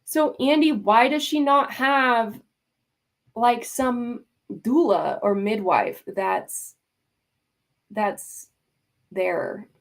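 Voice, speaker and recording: This woman's fairly high voice moves extremely slowly and pauses often as she hosts a livestream. She rants in an exasperated, emphatic tone, swears freely, and interrupts herself to speak to her chat and mods.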